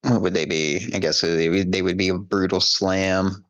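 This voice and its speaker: A man's voice: low-pitched, fairly even intonation, moderate pace, fairly bright tone, no room sound, lo-fi sound. A man co-hosting a casual podcast on a headset, laid-back and rambling, full of fillers. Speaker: podcast co-host. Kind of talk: casual chat.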